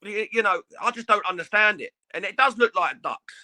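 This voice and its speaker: A man's voice: high voice, expressive, fairly quick, pushed and bright. A man co-hosting a casual boxing podcast, sounding fed up, stammering and swearing. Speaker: podcast co-host.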